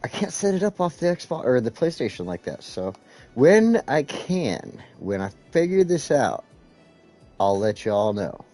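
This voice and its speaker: A man's voice: mid-range voice, very animated, normal speed, mellow. A man hosting a casual live game stream, rambling and swearing as he talks to his chat while clicking through menus. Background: faint background music.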